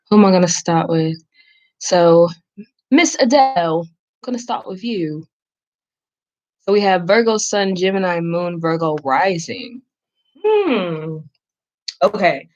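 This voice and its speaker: A woman with a fairly low voice chats casually with her livestream audience while reading their signs. She is talkative and self-deprecating. The sound is dull and lo-fi. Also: animated, a little slow, long pauses. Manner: chatty, talks to the chat, self-deprecating. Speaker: astrology reader, stream host.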